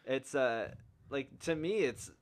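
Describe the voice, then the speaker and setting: A man's voice: medium pitch, expressive, slow pace. A young man hosting a podcast in casual chat, laid-back and encouraging, full of "like" and "um". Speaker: podcast host.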